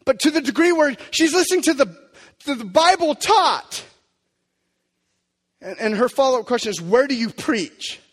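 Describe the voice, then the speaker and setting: A man preaching a sermon as pastor, emphatic and animated, sometimes dropping to a quiet, low delivery. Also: moderate pace, pauses often. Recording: long hall reverb.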